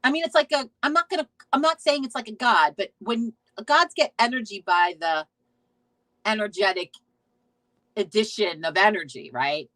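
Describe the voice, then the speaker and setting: This is an American woman running a laid-back witchcraft talk stream: she rambles, reads viewer comments aloud, curses freely and restarts sentences. Her mid-range voice is animated and slightly bright at a normal speed, with no echo and a rough recording.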